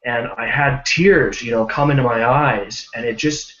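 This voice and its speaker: A man with a mid-range voice speaks a little slowly while telling his team about a success, casually and with animation, imitating the people he quotes. It's a group video call, and the sound is dull, roomy and lo-fi.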